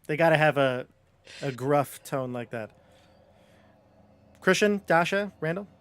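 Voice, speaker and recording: A man's voice: on the high side, lively intonation, unhurried, fairly bright tone, smooth. A man, the game master and host, casually leading a talk with his players in an upbeat way. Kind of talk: casual chat.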